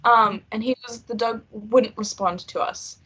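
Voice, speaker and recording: Young aussie woman chatting on a call, husky voice, laughs a lot, dull lo-fi sound. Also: on the high side, measured pace. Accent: Australian. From Australia. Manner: giggly, animated storytelling. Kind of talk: casual chat over a video call. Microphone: video call. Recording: dull lo-fi video call audio.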